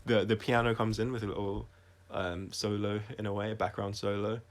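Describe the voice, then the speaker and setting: A man talking through his own songs on a casual livestream, reflective and halting, often restarting his sentences and trailing off quietly. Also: on the low side, little pitch movement. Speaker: singer-songwriter explaining his songs.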